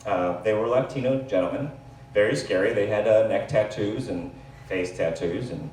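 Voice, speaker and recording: A man doing live stand-up, telling a rambling, self-deprecating story with lots of fillers and quick asides. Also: lowish voice, a little mellow. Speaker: stand-up comedian. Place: comedy club stage. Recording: echoey room, distant mic, faint hiss.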